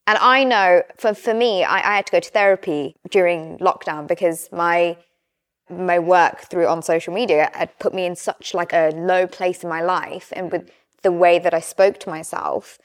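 A young woman talking candidly as a podcast guest, sharing personal stories in an animated, conversational way. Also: fairly low pitch, normal speed. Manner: candid, animated, quotes herself and her partner in playacted voices. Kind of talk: casual chat.

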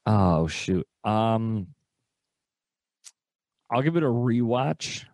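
A man co-hosting a casual movie podcast, easygoing and quick to laugh. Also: lowish voice, expressive, darkish tone, dry recording. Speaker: podcast co-host. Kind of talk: casual movie review chat.

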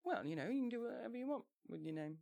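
A woman co-hosting a casual chat, reading from her old teenage diary with lively, laughing energy. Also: a little high, very fast, creaky, no echo. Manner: animated, laughs easily, reads aloud in bursts.

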